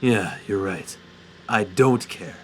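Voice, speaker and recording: A man's voice: on the low side, slow, darkish tone, slight background noise. A man voicing a rude, grumpy male train engine in a fan audio drama, with a sneering, dismissive way of talking. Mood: scornful. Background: music.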